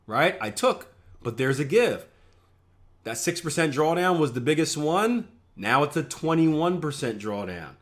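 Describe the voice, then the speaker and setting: Teaching casually over a screen share, a male trading coach talks through charts a little slowly, his fairly high voice swinging widely in pitch. He's conversational, repeatedly asking "right?" to keep listeners with him, with self-mocking remarks mixed in.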